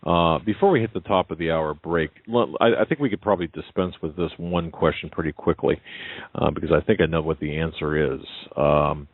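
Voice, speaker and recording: A man hosting a radio talk show, speaking haltingly and often restarting as he interviews a guest. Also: a bass voice, steady tone, dry recording, phone-quality sound.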